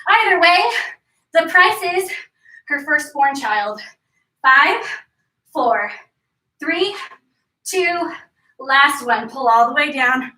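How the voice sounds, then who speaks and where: A woman's voice: high voice, bright, forceful tone. A woman leading a live workout class, chatty and joking while she tells a story and counts reps aloud. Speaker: fitness instructor. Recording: echoey room, distant mic.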